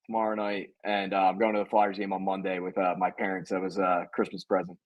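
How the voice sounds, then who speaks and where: A man chatting as a guest on a sports podcast, telling stories in a laid-back, halting way. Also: sits low, flat delivery, phone-quality sound. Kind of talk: casual chat.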